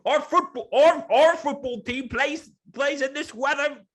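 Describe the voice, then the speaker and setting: A man's voice: extremely high pitch, a little slow, over a noisy crowd, voice pushed up. A man putting on an exaggerated mock British accent, playing a scornful British man. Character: scoffing British man mocking wimps.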